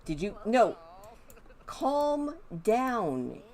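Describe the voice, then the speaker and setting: Chatty woman streamer, slow and lively. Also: a little high. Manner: chatty, talks to her game characters. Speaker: game streamer. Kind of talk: live gameplay commentary.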